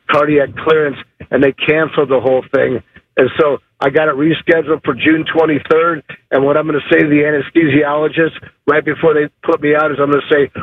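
Husky man telling a story over the phone. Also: a little high. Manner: chatty, storytelling. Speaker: caller. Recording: tinny phone line.

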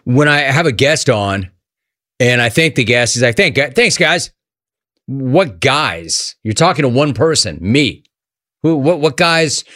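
A man hosting a radio call-in show, riffing sarcastically between callers with animated banter. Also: medium pitch, unhurried, dry recording, studio quality.

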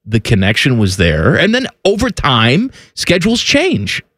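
A male sports radio host with a wildly swinging pitch, ribbing his co-host in playful banter. His voice is close and dry at the studio mic. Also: huge pitch swings, a little slow, a bit bright, dry recording. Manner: teasing, playful.

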